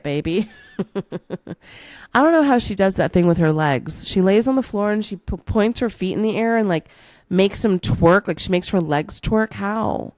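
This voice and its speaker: A woman's voice: medium pitch, expressive, moderate pace, a little mellow, dry recording. A woman hosting a motivational podcast, coaching the listener in a playful, hyped way and calling them baby. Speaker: manifestation coach and podcast host.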